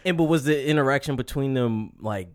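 A man's voice: mid-range voice, lively intonation, a little fast. A man in casual conversation, mostly reacting to a friend's story. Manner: short reactive backchannels. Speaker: listener. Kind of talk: casual chat.

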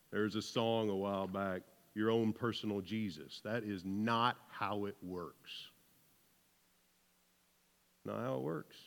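A man's voice: lowish voice, takes it slowly, creaky, big-room sound. A man with a Southern US accent preaching a sermon to a congregation, joking with them and often checking in with "right?". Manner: conversational, keeps asking "right?", jokes with the congregation. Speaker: pastor. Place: church hall with about seventy people.

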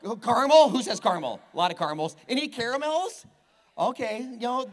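A pastor in a church, preaching with a playful, teasing edge. His voice sits high for a man and jumps all over the place as he jokes with the congregation. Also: expressive, a little fast. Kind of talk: sermon. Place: church hall with a live congregation.

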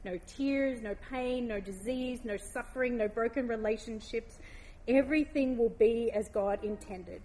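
A woman giving a heartfelt devotional talk, reading scripture aloud slowly and gently. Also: on the high side, a little hiss or hum.

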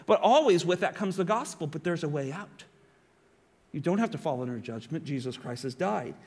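A man's voice: a little high, animated, moderate pace, darkish tone, slightly rough, big-room sound. A pastor preaching a sermon in an earnest, pleading way, often laughing as he speaks.

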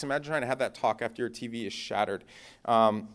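Speaking fairly quickly in a medium-pitched voice, this young pastor delivers a lively, conversational sermon. He shares stories from his own life, shifting from loud stretches to quiet ones.

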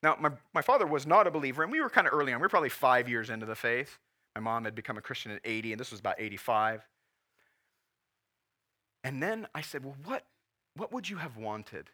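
In a church sermon, a pastor in his forties speaks with a bright, forceful voice of middling male pitch. He is animated and fast, preaching earnestly and with feeling, and at times he holds back tears.

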